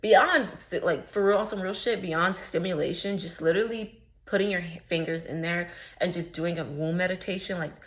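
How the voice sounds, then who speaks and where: A woman who works as a spiritual coach and womb healer talks casually in a motivational vlog, using a lowish voice at normal speed. She's slangy and rambling, full of filler words, and amused by her own jokes.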